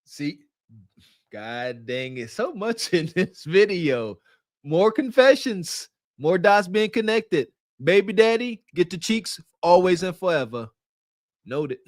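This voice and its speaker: Casting: high-pitched male co-host, slangy and preachy, dry close mic. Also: sing-song, takes it slowly, dry recording. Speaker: podcast co-host. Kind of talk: casual podcast commentary.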